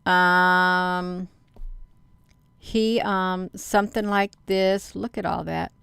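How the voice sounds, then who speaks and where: A woman's voice: lowish voice, level tone, drawn-out words, vocal fry, fairly bright tone, clean tone, no room sound. A woman chatting casually to her viewers, rambling through online rumors with lots of fillers, calling them "you all.". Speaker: vlogger.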